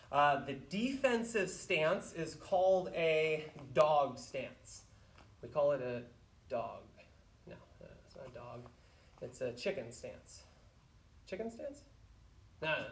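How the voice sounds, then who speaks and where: Drill-shouting martial arts instructor, roomy echo. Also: male voice, on the high side, creaky. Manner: counts and shouts drill commands. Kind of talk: online class instruction. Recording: roomy echo, mic far off.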